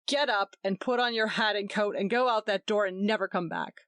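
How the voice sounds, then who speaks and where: A woman's voice: medium pitch, brisk, no echo, clean studio sound, lightly acted. A woman doing a curt, stubborn husband. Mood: stern. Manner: short, steady, cold.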